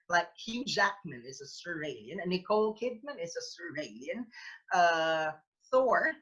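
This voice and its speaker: A Filipino woman teaching a webinar class in a bright, fairly high voice. She lectures with a lively, swooping delivery and talks straight to her listeners as "class.". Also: muffled recording. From Philippines. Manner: animated, addresses listeners as class. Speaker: IELTS review lecturer.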